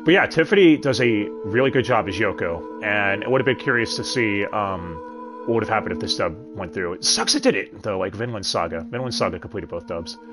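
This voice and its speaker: A man hosts a relaxed review stream, chatting freely and tossing in jokes along the way. His pitch swings widely as he talks, and clear music plays behind him. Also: a little fast. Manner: chatty, with joking asides. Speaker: host. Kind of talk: casual review commentary. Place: home streaming setup. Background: background music.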